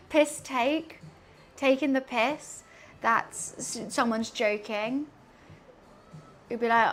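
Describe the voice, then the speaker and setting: A woman's voice: sits high, takes it slowly, pauses often, a bit bright, a little hiss or hum. Giggly woman streaming from her kitchen. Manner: chatty and giggly, reads out chat and answers it. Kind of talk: casual live-stream chat while cooking. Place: home kitchen.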